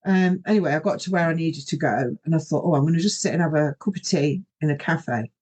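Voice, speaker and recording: A woman's voice: low-pitched, fast, a little mellow, slightly rough. Rambling middle-aged woman storyteller. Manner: rambling, anecdotal, often quoting herself. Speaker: podcast host. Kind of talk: personal storytelling monologue.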